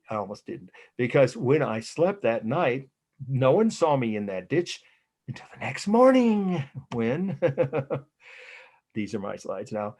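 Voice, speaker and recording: With a mid-range, darkish voice, an older man from the United States delivers a chatty, anecdotal art history lecture. He wanders off on tangents, filling his speech with fillers and restarts.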